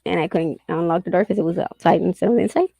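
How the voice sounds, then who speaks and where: A woman's voice: on the low side, fast talker, creaky, dark tone, breathy edge, no room sound, poor audio. A middle-aged woman chatting candidly and casually, swearing and laughing often as she talks. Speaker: host. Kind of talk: casual chat.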